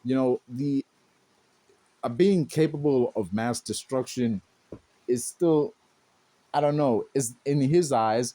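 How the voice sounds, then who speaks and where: A man's voice: mid-range voice, warm tone, dry recording. A man hosting a podcast alone, talking casually and rambling with lots of fillers. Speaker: podcast host. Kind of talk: casual solo podcast commentary.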